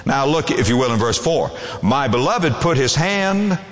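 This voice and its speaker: Man, preacher, sermon, lively swooping delivery, long reverb of a big hall. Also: moderate pace. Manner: expressive preaching with sweeping pitch, reading scripture aloud.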